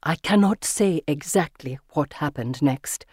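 Audiobook narrator, first-person story, measured, vivid, close dry mic. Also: medium pitch, expressive, a little mellow, breathy edge, dry recording.

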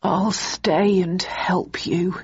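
A woman reading aloud, voicing a weary, reluctant older man who speaks quietly and murmurs. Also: low-pitched, slow pace, slightly rough, dull audio, full character voice.

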